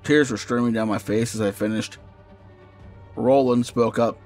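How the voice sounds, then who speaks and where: A man narrating a first-person horror story in a steady storytelling voice over faint music. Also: mid-range voice, normal speed.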